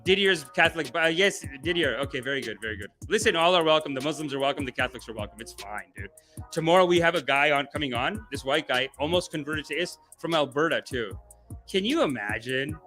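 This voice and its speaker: A man's voice: fairly high pitch, sharp tone. A man hosting a livestream as a comedian, rambling through tangents, joking around and reading viewer comments aloud. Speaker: comedian and show host.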